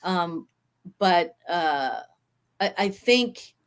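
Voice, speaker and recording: A woman's voice: on the low side, animated, very slow, clear, resonant tone. A woman co-hosting a casual sports podcast, earnest and opinionated, often restarting her sentences as she thinks.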